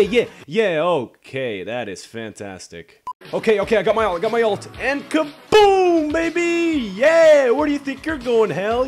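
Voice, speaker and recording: A man's voice: a little high, a bit bright. A man swearing his way through profane, sarcastic gameplay commentary, swinging between cocky boasts and exasperation. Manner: swears constantly, swings between mock bravado and frustration.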